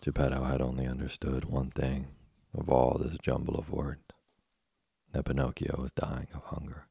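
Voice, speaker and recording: A man reading a storybook aloud as narrator, with a gravelly, husky voice and a steady delivery. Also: extremely low pitch, moderate pace, no echo. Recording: dry close studio sound.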